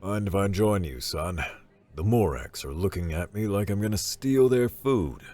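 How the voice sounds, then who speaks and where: A man voicing a gruff, blunt human welder in his fifties who talks low and gives weary advice in a spoken story. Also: lively intonation, moderate pace, a little mellow. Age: 50s.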